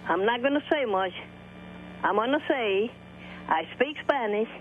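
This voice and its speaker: A man's voice: extremely high pitch, animated, unhurried, voice pushed up. A man voicing an indignant seventy-seven-year-old woman caller with Spanish parents who scolds the other guest, heard over a phone line. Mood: scolding. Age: 70s. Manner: stern, scolding, insistent. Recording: tinny phone line with faint hiss.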